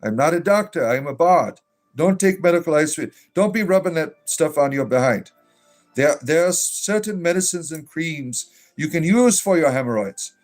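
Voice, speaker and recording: A man's voice: on the high side, lively intonation, moderate pace, faint music behind. A man hosting a casual livestream as a druid bard, joking with chat and giving blessings. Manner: joking, reacts to chat messages, blesses viewers. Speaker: livestream host reading chat.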